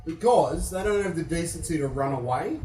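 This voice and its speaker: A young Australian man does a stand-up set at a comedy venue with a live audience, rambling, self-deprecating, and swearing a lot. His fairly high, lively voice moves at normal speed and was picked up from afar in an echoey room, over music.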